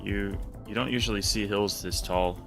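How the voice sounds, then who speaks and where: A man casting a competitive geography game, giving calm, analytical commentary. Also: fairly low pitch, moderate pace, soft background music. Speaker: esports caster.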